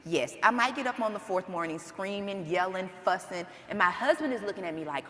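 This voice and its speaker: A woman's voice: mid-range voice, lively intonation, fairly quick, a bit bright. A woman speaking on a conference panel, candid and earnest, acting out bits of family dialogue. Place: conference hall. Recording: echoey hall, faint noise.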